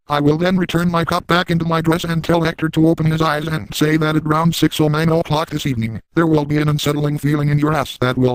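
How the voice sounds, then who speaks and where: A man's voice: fairly high pitch, no room sound, close to an everyday voice, poor audio. A man voicing a sleazy, boastful middle-aged cartoon dad, narrating a crude story in the first person.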